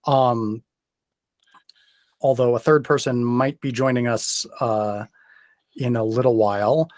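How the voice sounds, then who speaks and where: A man's voice: mid-range voice, no echo. A man running a tabletop game as game master, explaining the rules in a careful, methodical and hesitant way.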